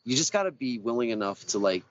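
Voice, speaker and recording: A man's voice: medium pitch, sing-song, quick pace, highs cut off, a little hiss or hum. A man speaking outdoors as a guest, earnest and reflective, with many hesitations and restarts. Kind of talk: casual conversation.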